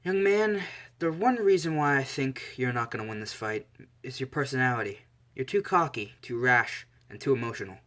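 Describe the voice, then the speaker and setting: Blunt young male assassin-teacher, stern and lecturing, bright tone, read by a male storyteller. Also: medium pitch, expressive, normal speed, natural voice.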